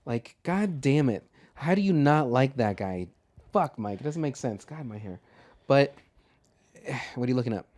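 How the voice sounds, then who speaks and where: A man co-hosting a movie podcast in a relaxed, unscripted chat. He talks loosely and swears freely, with animated asides and jokes. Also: medium pitch, normal speed. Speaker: podcast co-host. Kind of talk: casual chat.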